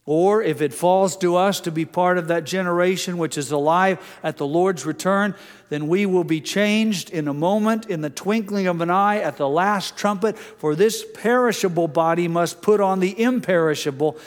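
An older man preaching a sermon, telling stories gently and dropping soft and low for quotes. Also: normal speed, long reverb tail. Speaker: pastor.

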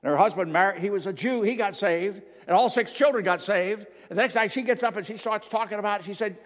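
An older male preacher tells his story to a congregation with a somewhat high voice. He shifts from loud cries to hushed prayer. His voice rings with long reverb in a big church hall. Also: quick pace, hardly any pauses. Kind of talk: evening sermon with personal testimony. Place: church sanctuary before a congregation.

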